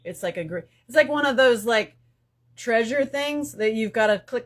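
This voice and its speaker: A woman hosts a casual spiritual live stream from her phone. She talks in lively swings, going from loud outbursts to hushed asides, and she curses freely as she goes. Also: on the high side, moderate pace. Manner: animated, swings between loud bursts and hushed asides, profane.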